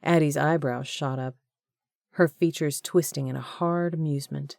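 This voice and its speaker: Low, mellow woman narrator. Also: steady tone, normal speed, vocal fry, no echo, studio quality. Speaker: audiobook narrator. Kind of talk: scripted audiobook narration.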